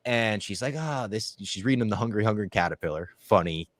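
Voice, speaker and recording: A man's voice: fairly low pitch, fast talker, no room sound. A man co-hosting a podcast, talking animatedly through a casual movie review and swearing freely. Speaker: podcast co-host.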